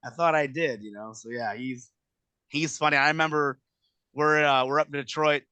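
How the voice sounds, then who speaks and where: A man in his thirties telling a casual story, animated and profane, acting out quotes in exaggerated voices. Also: on the high side, moderate pace, clean tone, no room sound. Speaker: podcast guest telling a wrestling story.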